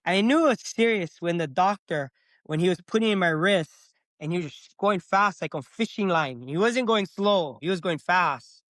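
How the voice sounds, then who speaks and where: A middle-aged podcast guest with a high voice speaks at normal speed in an echo-free recording. In a casual, animated storytelling mode, he recounts his own experience and performs what he said at the time.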